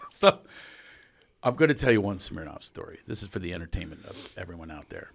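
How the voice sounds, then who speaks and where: Male podcast host, gravelly and animated; spins a funny anecdote with lots of pitch swing. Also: moderate pace, long pauses. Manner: animated, laughing storyteller doing impressions. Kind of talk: storytelling.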